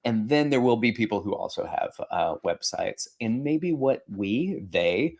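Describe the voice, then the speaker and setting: A man hosting a podcast, chatting casually and cutting in with playful, relaxed remarks. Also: mid-range voice, unhurried, gravelly. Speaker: podcast host.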